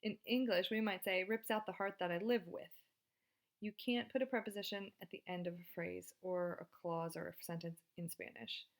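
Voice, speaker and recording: A woman teaching a Spanish grammar video lesson in a casual, chatty and encouraging way. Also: on the low side.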